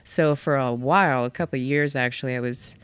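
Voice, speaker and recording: Woman, podcast guest, smooth resonant voice, relaxed frank talk, casual swearing, dry close recording. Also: extremely low pitch, a little fast, dry recording. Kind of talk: casual chat.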